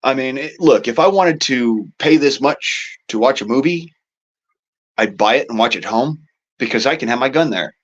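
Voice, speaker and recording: A man's voice: medium pitch, expressive, moderate pace, highs cut off. A man ranting casually and profanely to his audience, exasperated and often laughing at himself. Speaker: show host.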